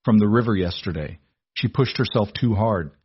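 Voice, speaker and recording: Gruff commanding nobleman, curt orders; male narrator's voice, dull lo-fi audio. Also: fairly low pitch, moderate pace, no room sound. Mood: steady. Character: commanding aristocratic man, gruff and protective. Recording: dull lo-fi recording.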